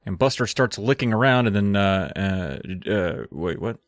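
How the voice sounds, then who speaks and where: Lively man with a dry close sound. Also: on the low side, normal speed, dry recording. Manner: rambling, loses his place, laughs at his own bits. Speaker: podcast co-host retelling a book. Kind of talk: casual comedic chat.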